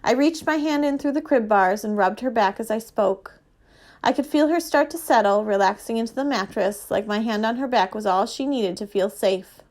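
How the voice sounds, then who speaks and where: A woman, a librarian, reading a children's novel aloud in a steady, expressive way. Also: on the high side, moderate pace. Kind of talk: storybook reading.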